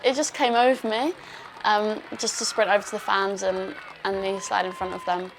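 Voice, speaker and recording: A woman's voice: medium pitch, little pitch movement, normal speed, slight background noise. A woman footballer talking casually and reflectively in an interview, with fillers like "like" and "um". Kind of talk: interview about returning from injury.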